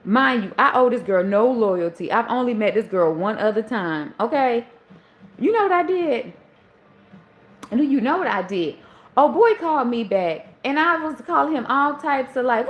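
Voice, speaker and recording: A woman with a Southern Charleston accent telling a personal story to viewers in casual chat, acting out the quoted lines. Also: brisk. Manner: animated, acts out quoted dialogue in a high voice. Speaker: live stream host.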